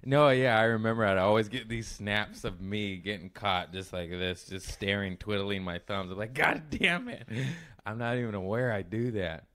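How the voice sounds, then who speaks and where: A man's voice: lowish voice, normal speed, few pauses, a bit bright. A man hosting a casual podcast chat, laughing often and telling self-mocking stories. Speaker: podcast host.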